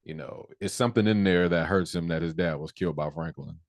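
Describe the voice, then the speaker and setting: A man with a very deep, low voice co-hosts a casual TV review podcast. He argues his points emphatically and talks in loose, profane slang. The recording is dry and close, with no room echo. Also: fast, gravelly. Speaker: podcast co-host.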